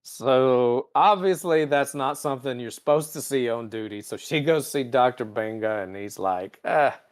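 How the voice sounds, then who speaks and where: A man's voice: mid-range voice, clean tone. A man hosting a podcast, casually recapping an episode and briefly mimicking characters' lines. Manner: recaps scenes in quick mimicked voices. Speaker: podcast host.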